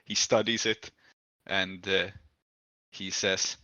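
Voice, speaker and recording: A man's voice: low-pitched, flat delivery, takes it slowly, bright, forceful tone, no echo, rough recording. A man narrating a tabletop game as game master in a wry manner, dropping his voice for characters' lines.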